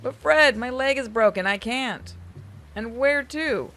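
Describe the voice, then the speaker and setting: A woman's voice: a little high, unhurried, fairly bright tone, voice pushed up, rough recording. A woman voicing a panicked, cowardly young man who pleads in a whiny way. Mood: scared.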